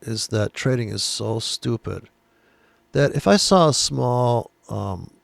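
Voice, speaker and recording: A man's voice: mid-range voice, expressive, slow, vocal fry, no room sound. A man ranting and swearing as he talks through trading charts on screen, drifting off-topic. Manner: profane, ranting, off-the-cuff. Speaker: forex trader explaining charts. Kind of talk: rambling screen-share chart commentary. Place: at a computer desk.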